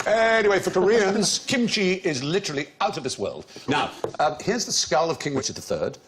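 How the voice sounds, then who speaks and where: The recording is very noisy, and the man's voice sits high at a moderate pace. He is a middle-aged host of a comedy quiz show, lively and erudite, explaining odd facts with relish and laughing often in witty panel-show fashion.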